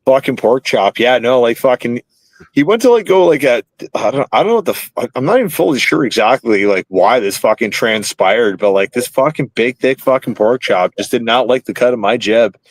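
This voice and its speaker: A man's voice: medium pitch, expressive, brisk, no room sound. A man in his thirties telling a long story in casual podcast chat. He rambles, swears constantly and fills his sentences with likes and you-knows. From Canada. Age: 30s. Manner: rambling, heavily profane, filler-laden storytelling.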